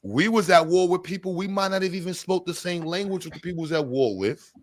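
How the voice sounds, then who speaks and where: A podcast host rants heatedly in a casual setting, blunt, profane and full of slang. His voice is high and he talks fast.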